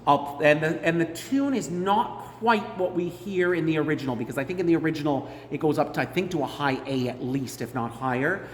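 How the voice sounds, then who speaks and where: A woman's voice: sits low, lively intonation, fairly quick, few pauses. A woman choir director leading a rehearsal, singing each part to demonstrate it and then explaining it. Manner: sings parts to demonstrate, then explains them. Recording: roomy hall with long reverb, loud music.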